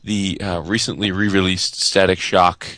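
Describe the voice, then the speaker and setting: Podcast cohost guy, bright tense voice, dry, matter of fact. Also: low voice, level tone, normal speed, no room sound. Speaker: podcast co-host. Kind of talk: casual chat.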